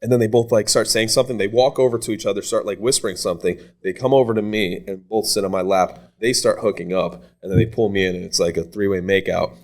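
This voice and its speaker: A man in his twenties, a podcast guest, telling a story in an animated, casual way, swearing freely and acting out what others said. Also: lowish voice, quick pace, few pauses. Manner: animated, swears freely, acts out quoted voices.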